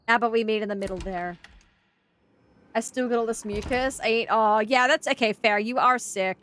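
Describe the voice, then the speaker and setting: A young Australian woman streaming a horror game and chatting casually with her viewers. She is excitable, thinks out loud, and breaks into loud yelling and laughter. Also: a little high, normal speed. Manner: chatty, talks to chat and thinks aloud. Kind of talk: casual live-stream commentary.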